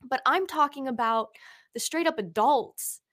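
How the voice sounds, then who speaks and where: Woman, slightly high voice, animated and slangy podcast co-host, exasperated edge. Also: measured pace. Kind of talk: casual conversation.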